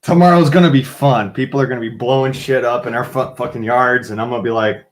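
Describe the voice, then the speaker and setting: A man's voice: medium pitch, fairly even intonation, fast talker. A man hosting a livestream, chatting casually to viewers in a rambling, profane way and laughing often. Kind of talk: casual rant to a live chat.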